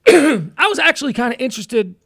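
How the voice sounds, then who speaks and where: Talk radio host, incredulous rant, high and swooping, close dry mic. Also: normal speed, breathy edge, no room sound. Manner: ranting, incredulous, animated. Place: radio studio.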